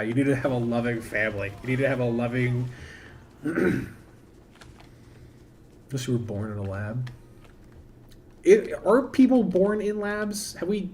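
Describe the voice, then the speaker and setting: A man's voice: mid-range voice, slight background noise. A man streaming a game, chatting casually and thinking aloud in a rambling, self-interrupting way. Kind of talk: casual live-stream commentary.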